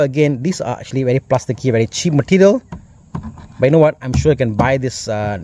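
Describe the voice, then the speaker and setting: A man's voice: on the high side, a little mellow. A middle-aged man with a Malaysian English accent, chatting enthusiastically through a car walkaround with lots of exclamations. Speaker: car reviewer.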